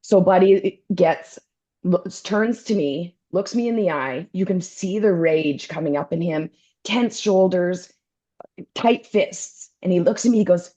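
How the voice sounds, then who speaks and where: Lively woman telling a story, slightly low voice. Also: unhurried, muffled recording. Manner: acts out voices in her anecdotes, keeps clearing her throat. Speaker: podcast co-host. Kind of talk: animated storytelling chat.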